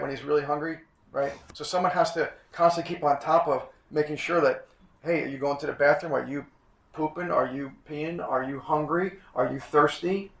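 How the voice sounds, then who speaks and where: In an echoey room, a chiropractic instructor in his sixties delivers a classroom lecture in a fairly high-pitched voice. He is emphatic, repeats his points, and frequently clears his throat.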